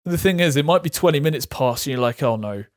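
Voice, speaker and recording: A man's voice: a little high, dry recording. Guy, frank vlog talk, stops and restarts, jokes about hard things; dry, close recording. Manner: frank, halting, laughs through hard topics. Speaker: vlogger sharing patient experience. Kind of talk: candid personal talk to camera.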